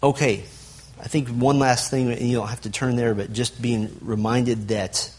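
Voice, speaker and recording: A man's voice: medium pitch, steady tone, normal speed, darkish tone, husky. A man teaching a Bible lesson to a group, stressing lists and asking the room questions. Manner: asks the audience questions, emphatic lists.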